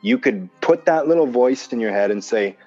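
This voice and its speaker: A man's voice: medium pitch, animated, normal speed, creaky, a little mellow. A man in casual conversation, making his points with emphasis, repeating them and explaining with examples. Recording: dull lo-fi sound with faint music.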